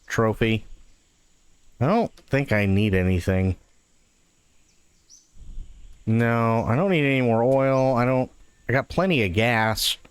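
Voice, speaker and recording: A man live-streaming a game, chatting casually and telling jokes in a profane, expressive way into a close microphone. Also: medium pitch, unhurried, smooth, no echo.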